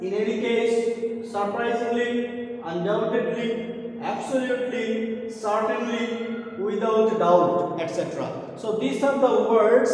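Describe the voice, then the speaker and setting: A man's voice: high-pitched, darkish tone. A man teaching an English grammar lecture, speaking repetitively and often addressing his listeners as dear students. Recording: echoey room, far from the mic.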